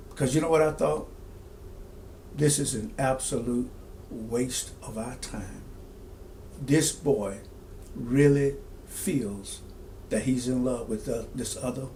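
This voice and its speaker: A middle-aged man who serves as a pastor tells a personal story in a halting, reflective way, full of fillers and restarts. His voice sits somewhat high for a man. Faint noise hums under the recording. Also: vocal fry, darkish tone.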